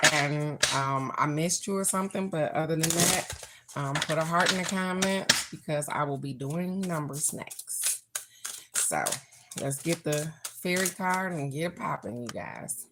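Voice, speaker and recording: A middle-aged woman with a somewhat low voice hosts a relaxed card reading for her online viewers. She talks straight to them in a blunt, affectionate, chatty way. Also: a little slow, heavy background noise. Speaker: oracle card reader. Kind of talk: casual live-stream card reading.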